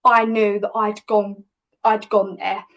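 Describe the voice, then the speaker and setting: A woman's voice: medium pitch, little pitch movement, slow pace, fairly bright tone, rough recording. A woman, a podcast guest vividly retelling a personal story with many restarts. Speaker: podcast guest, hypnobirthing teacher.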